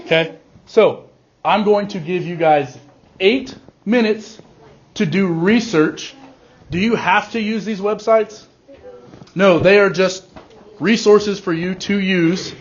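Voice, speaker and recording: A male teacher giving a class directions, leaning on key words slowly for emphasis, recorded in a classroom. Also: sits high, dull audio, slight background noise. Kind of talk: classroom instruction.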